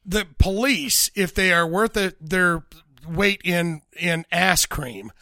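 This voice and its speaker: A man's voice: high-pitched, takes it slowly, pushed and bright, dry recording, clean studio sound. A man co-hosting a podcast, cracking crude, profane jokes in casual chat. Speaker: podcast co-host.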